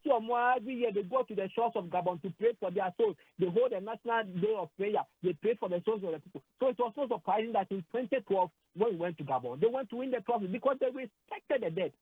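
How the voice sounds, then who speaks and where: This Ghanaian-accented sports talker has a high, husky voice and speaks animatedly at a quick pace, hardly pausing. In a radio studio he gets emotional, hesitating and repeating words as he shifts between Twi and English. The recording is dry and sounds like a phone line.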